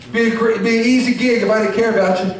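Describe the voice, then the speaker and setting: High-voiced pastor in an echoey church. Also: male voice, fairly even intonation, rapid-fire, a little hiss or hum. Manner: earnest and emotional, with bursts of shouting and laughter. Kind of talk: sermon. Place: church sanctuary. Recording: echoey church recorded from far off.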